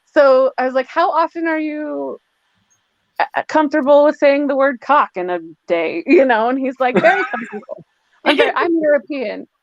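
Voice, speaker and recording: A woman's voice: high voice, moderate pace, no echo. Chatty woman on a lo-fi call. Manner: chatty, laughing, acts out quotes. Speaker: guest author. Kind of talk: casual live chat. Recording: dull, lo-fi dry audio.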